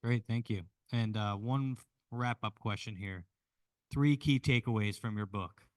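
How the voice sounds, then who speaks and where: A man's voice: lowish voice, measured pace, no echo. A man hosting an event, asking the guest questions in a casual, friendly way and wrapping up the session. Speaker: event host and moderator.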